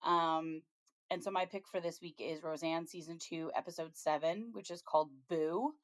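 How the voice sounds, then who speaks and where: A woman's voice: low voice, fairly even intonation, moderate pace, dry recording. A woman co-hosting a podcast, casually recapping a TV episode in a chatty way, with frequent ums and laughs as she retells scenes. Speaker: podcast co-host.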